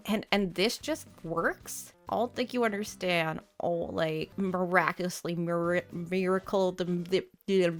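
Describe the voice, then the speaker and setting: Bubbly gamer lady rambling thru her island build, joking conspiracy stuff, mid pitched. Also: fairly bright tone. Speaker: let's play host. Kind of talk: casual gameplay commentary.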